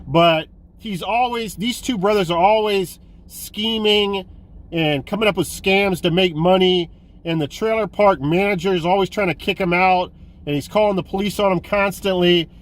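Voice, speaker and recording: A man hosting a casual collecting vlog, excited and rambling, swearing now and then. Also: high-pitched, moderate pace. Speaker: host of a physical media collecting vlog.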